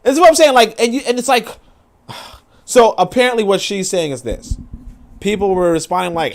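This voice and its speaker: With a high-pitched voice at a moderate pace, a man hosts a podcast and reacts to posts. His commentary is casual, profane, and rambling, loaded with fillers.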